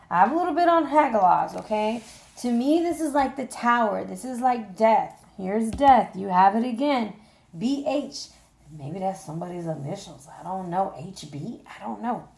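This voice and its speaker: A woman's voice: mid-range voice, vocal fry. A woman giving a casual tarot reading, talking straight to her viewers in an emphatic, colloquial way. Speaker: tarot reader. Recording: echoey room.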